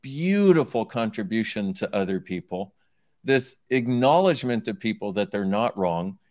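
A man's voice: lowish voice, very animated, moderate pace, a little mellow, no room sound. A man as guest in a conversation, playful and earnest, speaking with heartfelt gratitude. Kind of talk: casual conversation.

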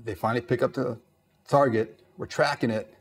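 A man's voice: medium pitch, normal speed, gravelly. A man from East Los Angeles, a Navy veteran, telling stories in an interview and acting out the dialogue. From East Los Angeles, USA. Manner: animated storyteller, acts out dialogue, lots of "you know". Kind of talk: storytelling interview.

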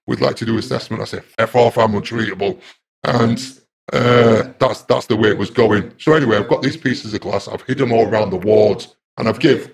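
Male interview guest, low-pitched, repetitive storyteller, noisy crowd in the background. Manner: rambling and repetitive, grows loud and agitated. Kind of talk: casual first-person storytelling.

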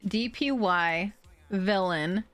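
A woman's voice: medium pitch, takes it slowly, a bit bright, dry recording, faint music behind. A woman streaming live, thanking viewers for gifted subs by name, emotional and laughing often. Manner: emotional and giggly, reading out names.

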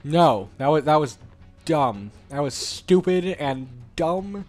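A man's voice: a little high, expressive, takes it slowly, a little mellow, soft background music. A man hosting a let's play, joking casually over his gameplay in a playful, slightly put-on British manner.

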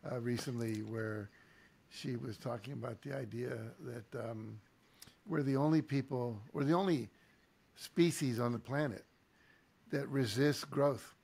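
Give me a man hosting an interview, slightly raspy, thoughtful and anecdotal. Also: medium pitch, a little slow, a little mellow. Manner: reflective storyteller, peppers speech with "you know". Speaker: podcast host. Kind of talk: conversational interview.

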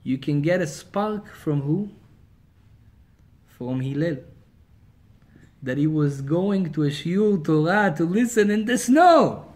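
Brief: rabbi lecturing, lively storyteller, higher male voice. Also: slow, pauses often. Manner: animated storyteller, swings between loud and quiet.

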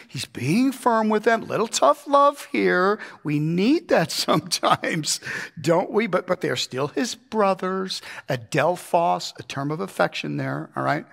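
Male pastor, fairly high voice, emphatic conversational sermon delivery, keeps checking in with the room. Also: gravelly, fairly bright tone. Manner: emphatic, conversational, asks the congregation rhetorical questions. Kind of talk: verse-by-verse Bible teaching sermon. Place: church.

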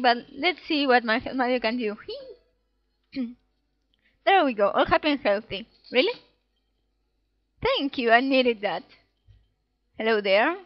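Woman let's-player, higher voice, playful reading of game text, dull dry home mic. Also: dry recording. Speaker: let's play gamer. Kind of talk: casual gameplay commentary reading dialogue aloud.

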